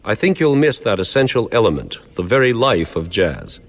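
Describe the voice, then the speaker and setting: A man giving a clear, measured lecture that explains musical ideas step by step, sometimes counting out beats. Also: lowish voice, wildly swooping pitch, long reverb tail.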